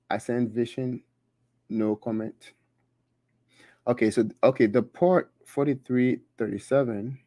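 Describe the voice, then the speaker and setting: A man's voice: mid-range voice, a little mellow, no echo. Man with a dry, fading voice. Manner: halting, many fillers and restarts while reading through a list. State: dry throat, losing his voice. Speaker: crypto channel host. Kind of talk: casual solo livestream commentary.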